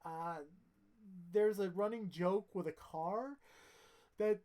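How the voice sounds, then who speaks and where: A sleepy, yawning woman hosts her channel with a casual, rambling film review, often restarting sentences and swearing casually. Her voice is medium-pitched and dark, and she speaks slowly.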